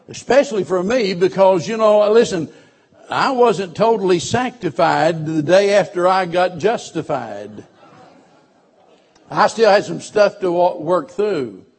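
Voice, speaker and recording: A male pastor with a husky, slightly breathy voice set a bit higher than most men's. He preaches with strong emphasis, dropping into hushed storytelling and then climbing back to loud, pressing declarations. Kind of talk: sermon.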